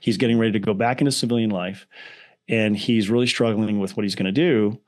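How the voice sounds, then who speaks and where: A middle-aged man, the founder of a nonprofit, telling a story as a guest in an interview in an earnest, animated way, often restarting his phrases. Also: lowish voice, quick pace.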